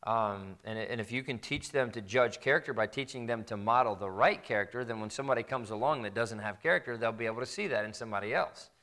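Man preaching, conversational, lively asides, mid-pitched voice. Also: fast talker, hardly any pauses. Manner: conversational preaching, acts out parents and kids in quoted asides. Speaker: pastor. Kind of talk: sermon.

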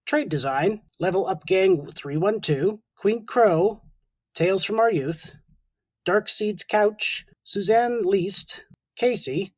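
Man, Canadian accent, podcast co-host, casual joking chat, higher voice, dry sound. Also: no echo, poor audio. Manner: laughs easily, chatty and joking.

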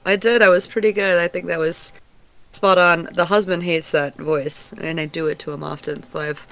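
A woman's voice: lowish voice, steady tone, normal speed, a bit bright. A woman co-hosting a podcast in casual chat, playful and jokey, rambling from one thought to the next. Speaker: podcast co-host.

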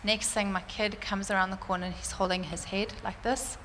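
A woman telling a church congregation a personal testimony, animated and fervent, laughing often. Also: mid-range voice, brisk, slight background noise. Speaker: church speaker sharing a testimony. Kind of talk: sermon testimony. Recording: roomy church hall reverb, faint ambience.

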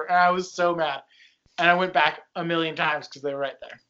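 Young man, podcast co-host, high voice, rambling storytelling, lots of "like", dull lo-fi sound. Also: fairly even intonation, fairly quick, sharp tone, clean tone. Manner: rambling, self-mocking, lots of "like". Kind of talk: casual storytelling chat.

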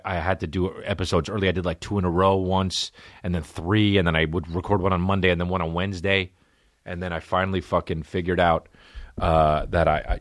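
A man hosting a comedy podcast, ranting in a profane, excitable way and jumping into loud yelling bits. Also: sits low, no echo, clean studio sound. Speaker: podcast host. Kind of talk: casual comedic monologue.

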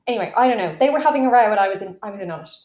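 A woman hosting a podcast interview, relaxed and conversational, asking open questions. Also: mid-range voice, rapid-fire. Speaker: podcast host. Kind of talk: casual interview chat. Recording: echoey room.

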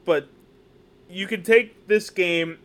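A man co-hosting a casual sports podcast, animated and joking, often repeating himself. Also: high-pitched, slow. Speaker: podcast co-host. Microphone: podcast microphone.

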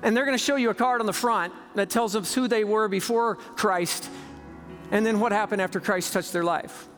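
Male pastor, sermon, high voice, dramatic storytelling, large church, soft music behind. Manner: dramatic storytelling, shifting between slow emphasis and quick bursts.

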